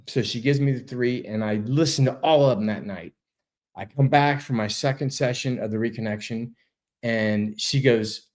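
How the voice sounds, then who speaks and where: A man's voice: medium pitch, normal speed. A man telling a story as a guest, casual and laid-back, over a video call. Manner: animated, laid-back, says dude a lot, swears. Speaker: interview guest.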